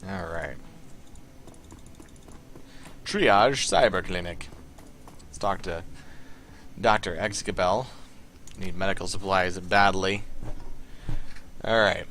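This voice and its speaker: A man hosting a let's play, giving relaxed, rambling commentary full of ums and side remarks. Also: deep voice, unhurried, long pauses, a little hiss or hum. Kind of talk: casual gameplay commentary.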